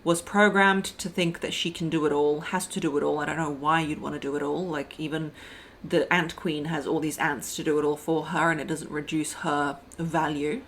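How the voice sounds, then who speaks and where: A woman with a slightly low voice talks frankly to camera as a relationship coach, casual and chatty. She speaks to the listener like a girlfriend and often slips into acted-out quotes. A faint hum of room ambience sits behind her. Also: level tone, moderate pace. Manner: chatty and frank, calls the listener girl and babe; acts out quoted voices mid-sentence. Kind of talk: casual direct-to-camera advice talk.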